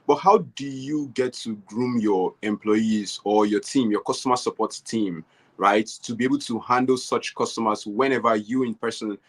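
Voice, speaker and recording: A man's voice: lowish voice, normal speed. A man interviewing a guest, hesitant, often searching for words. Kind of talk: conversational interview.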